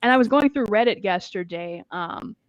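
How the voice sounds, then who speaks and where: A woman's voice: medium pitch, animated, moderate pace, dry recording. A woman co-hosting a podcast in casual chat, talking freely and laughing often. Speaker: podcast co-host. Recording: dull muffled podcast audio.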